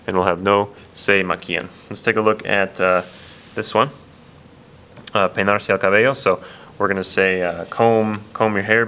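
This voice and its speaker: Bright-toned man teaching a lesson. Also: sits low, slight background noise. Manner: relaxed, explains step by step with many fillers. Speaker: Spanish teacher. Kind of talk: casual video lesson.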